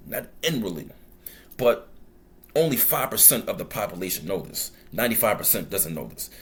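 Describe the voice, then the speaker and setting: A man's voice: lowish voice, a bit bright. A man hosting a commentary show, talking bluntly and profanely in a loose storytelling ramble. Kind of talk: casual commentary monologue.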